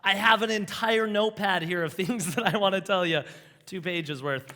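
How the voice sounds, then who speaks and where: High bright guy on stage, excited rambling story, keeps getting sidetracked. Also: moderate pace. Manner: rambling, easily sidetracked, enthusiastic. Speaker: conference speaker. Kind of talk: energetic storytelling talk on stage.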